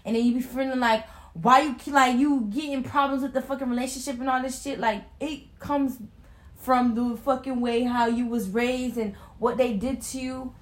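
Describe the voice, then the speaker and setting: A woman's voice: high-pitched, fairly even intonation, moderate pace. A young woman talking casually and openly, her voice climbing and dropping with emotion. She swears freely and strings her thoughts together with lots of "like". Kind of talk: casual chat.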